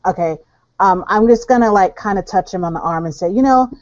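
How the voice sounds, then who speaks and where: A woman's voice: on the low side, brisk, darkish tone, no room sound, dull audio. A woman playing a tabletop game online, chatty and giggly. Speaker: player.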